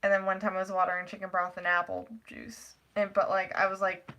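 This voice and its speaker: A teenage girl vlogging casually, retelling a story in a rambling, animated way, full of "like" and quoted asides. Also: medium pitch, brisk, a little hiss or hum. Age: teens.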